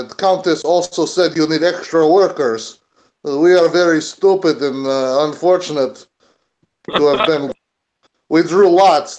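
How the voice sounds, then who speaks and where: A man's voice: a little high, darkish tone, close to an everyday voice. Guy doing a fake russian accent, broke laborer begging, broken english. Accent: put-on Russian. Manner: broken grammar, begging then demanding. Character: poor male Russian laborer, pleading and pushy.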